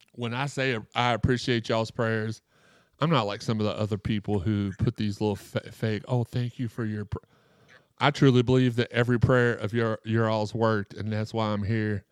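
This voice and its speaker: A man's voice: fairly low pitch, clear, resonant tone, no room sound, studio quality. A man hosting a live podcast, joking and rambling as he reads chat comments aloud, his throat sore after surgery. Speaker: podcast host.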